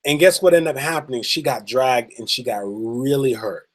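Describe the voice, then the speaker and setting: A man giving a motivational talk, telling a story in an earnest, emphatic way and drawing out key words slowly. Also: mid-range voice, lively intonation. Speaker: motivational speaker.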